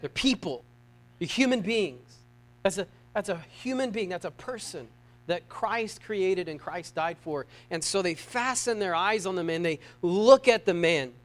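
High-voiced man preaching a sermon. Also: animated, a little slow. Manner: conversational, humorous, asks the congregation questions. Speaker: pastor.

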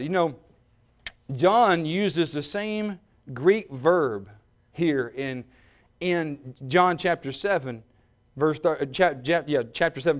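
A man preaching a sermon, dropping to quiet, joking asides and rising to shouted peaks. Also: on the high side. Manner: humorous, self-mocking asides.

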